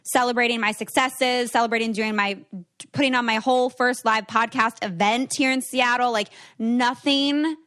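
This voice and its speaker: Chatty high-voiced woman podcast host. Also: moderate pace. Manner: animated storytelling, swearing, laughing often. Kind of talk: casual chat.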